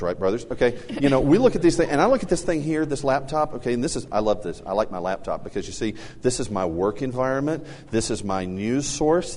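A middle-aged man co-hosting a casual parenting talk, telling animated stories and acting out the people he quotes. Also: long reverb tail. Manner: animated storyteller, acts out quotes with big pitch jumps. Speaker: co-host.

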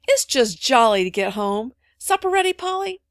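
Woman doing a loud, hearty cheerful boy. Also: a little high, sing-song, moderate pace, no echo, clean studio sound, voice pushed up.

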